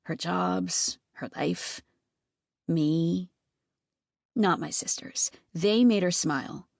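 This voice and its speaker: Expressive woman narrating an audiobook. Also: fairly low pitch, gravelly, dry recording, clean studio sound. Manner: expressive, animated character reading. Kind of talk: first-person audiobook narration.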